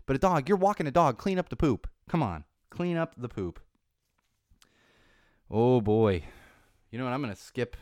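A man's voice: mid-range voice, very animated, normal speed, long pauses, no echo, clean studio sound. A man hosting a podcast, rambling through a casual monologue that turns into an indignant rant. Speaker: podcast host. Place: Los Angeles.

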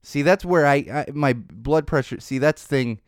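A man's voice: a little high, unhurried, no room sound, studio quality. A tired man hosting a podcast, rambling off the cuff with tangents in a casual unscripted monologue. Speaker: podcast host.

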